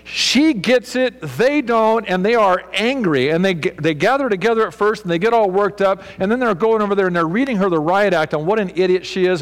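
A man preaching a sermon with passion, swinging between loud emphasis and hushed low tones. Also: animated, fairly quick, few pauses. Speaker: pastor. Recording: long hall reverb with mains hum. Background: mains hum.

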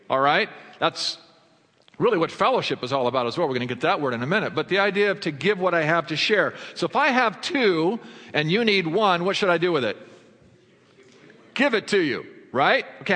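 Delivering a sermon, a male pastor asks his congregation questions and then supplies the answers. His delivery moves from fervent highs to hushed lows, all carried by a long reverb from the hall.

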